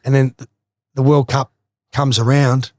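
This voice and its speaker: A man's voice: mid-range voice, measured pace, dry recording. A middle-aged Australian man, a former footballer, telling swearing, laughing stories as a podcast guest. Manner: swearing, laughing, animated anecdotes. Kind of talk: casual storytelling.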